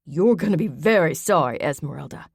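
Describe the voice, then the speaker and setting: A woman's voice: deep voice, lively intonation, normal speed, darkish tone, no room sound, clean studio sound. A woman voicing a blustering, threatening middle-aged man who bullies those around him. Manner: hostile, bullying.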